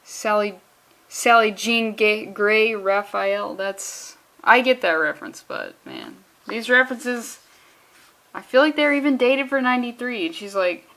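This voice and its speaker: Woman comic, slightly high voice, reads aloud casually and breaks into dry, sarcastic tangents. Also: unhurried. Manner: sarcastic, deadpan tangents, stumbles over words while reading. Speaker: comedian reading a comic book aloud. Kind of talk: casual comic reading with joking asides.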